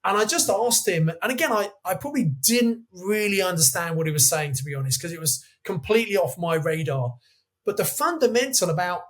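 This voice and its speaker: A man in his fifties, a podcast guest telling animated anecdotes in a chatty way. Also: high voice, fairly quick. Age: 50s. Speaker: guest, property investor. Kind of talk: podcast interview storytelling.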